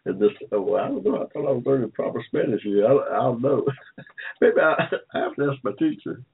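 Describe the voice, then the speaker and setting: A man's voice: mid-range voice, expressive, brisk, husky. An older man hosting an online talk show, chatting casually and joking with listeners, rambling and repeating himself. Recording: phone-like line.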